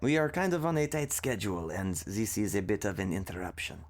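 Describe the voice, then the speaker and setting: A man's voice: lowish voice, lively intonation, brisk, voice pushed down. A man voicing a suspicious, impatient queen of a secret order with a French accent.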